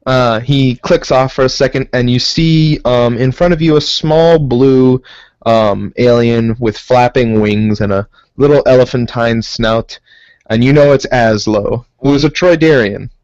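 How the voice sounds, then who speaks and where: A man narrating as game master of a tabletop game, pausing often with ums and uhs. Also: mid-range voice, a little mellow, smooth, dry recording. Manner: slow, halting, many ums. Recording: dull dry lo-fi recording.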